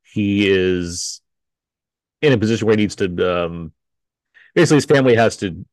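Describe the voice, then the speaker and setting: A man hosting a film podcast, chatting in a relaxed, hedging way and chuckling often. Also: fairly low pitch, normal speed, no room sound. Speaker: podcast host. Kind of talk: casual podcast chat.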